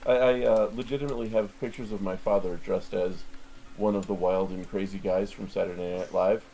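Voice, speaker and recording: A man's voice: deep voice, fairly even intonation, fairly quick, mellow, slight background noise, poor audio. A man playing a tabletop game online, chatting casually in a hesitant way with dry humor. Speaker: tabletop player.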